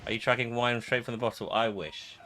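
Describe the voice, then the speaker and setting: A man's voice: medium pitch, fairly quick, pushed and bright, slight background noise. A man streaming a game, jokey and rambling. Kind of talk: casual gameplay commentary.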